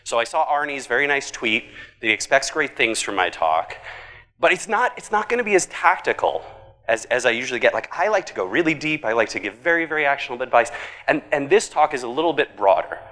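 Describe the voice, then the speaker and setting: A man giving a conference keynote, talking in an animated, conversational way and tossing in jokey asides. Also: medium pitch, fast, long reverb tail. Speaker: conference speaker. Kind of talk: keynote presentation. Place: large conference hall.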